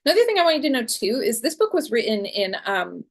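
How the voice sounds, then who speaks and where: A woman's voice: a little high, sing-song, fast talker. A woman in her forties giving a conversational lecture as a guest speaker, chatty and loose, with frequent ums and small restarts. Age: 40s.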